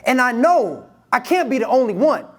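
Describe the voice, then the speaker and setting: A young man in his twenties from Detroit giving a live motivational talk, energetic and playful, leading the audience in call-and-response. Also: very high-pitched, moderate pace. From Detroit, USA. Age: 20s. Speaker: motivational speaker. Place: event room with a live audience. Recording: live room recording with crowd and noise.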